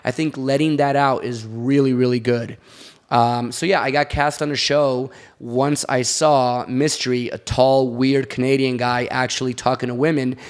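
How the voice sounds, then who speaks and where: Male podcast guest, mid-pitch, open and confessional storyteller. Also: level tone, moderate pace, clear, resonant tone. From Latin American background. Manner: candid storytelling. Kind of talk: casual podcast chat.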